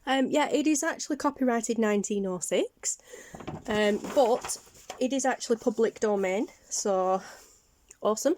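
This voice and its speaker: A woman's voice: medium pitch, a little mellow, no room sound. A woman with a Northern English accent, chatting casually through a craft show-and-tell, rambling with lots of ums and little self-corrections. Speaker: craft vlogger.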